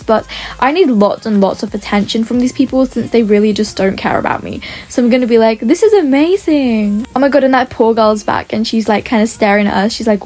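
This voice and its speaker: A woman with a fairly high voice talks through her gameplay in a chatty commentary. She keeps up a running narration of what is happening and reads other players' chat messages aloud along the way. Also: a little mellow. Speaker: gaming channel host.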